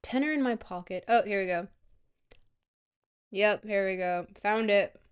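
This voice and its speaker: A woman streamer chatting casually to her viewers, rambling between bites and filling pauses with ums. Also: mid-range voice, clean tone.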